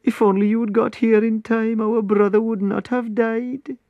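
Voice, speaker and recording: A man voicing a grieving young woman who talks through sobs, slow and broken. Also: sits high, level tone, no echo, lo-fi sound, pitched above the performer's own voice. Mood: sobbing.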